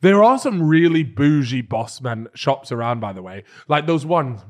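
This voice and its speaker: Lively, teasing man. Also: mid-range voice. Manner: teasing, quick questions. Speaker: podcast co-host. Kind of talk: casual chat.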